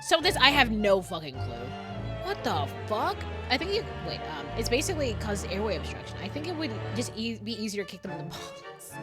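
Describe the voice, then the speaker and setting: A young woman streaming a game, chatting casually, swearing freely, laughing and reacting loudly to what happens on screen. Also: mid-range voice, a little fast. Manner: profane, giggly and animated, reacting out loud. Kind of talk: casual gaming commentary. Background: loud game music.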